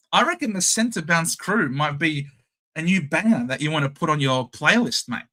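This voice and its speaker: A young Australian man hosting a casual live watchalong, calling the game and chatting with viewers, shouting at the big plays. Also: sits high. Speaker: live stream host.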